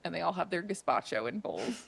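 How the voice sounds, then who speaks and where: A woman co-hosting a podcast in casual chat. She retells a story in an animated way, says "like" often and acts out the dialogue. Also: lowish voice, brisk, vocal fry, breathy edge, no echo. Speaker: podcast co-host.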